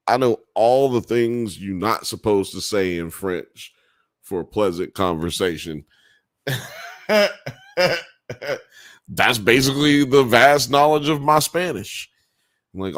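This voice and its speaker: Recorded in clean studio sound with no room noise, a man with a lowish voice hosts a live podcast. In a relaxed live-stream chat, he reads out chat comments in a rambling, profane way and laughs frequently.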